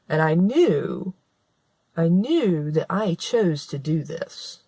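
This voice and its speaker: A woman's voice: low-pitched, very animated, slow pace, warm tone, breathy edge, dry recording. A woman talking straight to camera in a vlog monologue, earnest and conversational, who restarts her sentences and repeats her points for emphasis. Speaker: author and vlogger. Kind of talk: spoken-word vlog monologue.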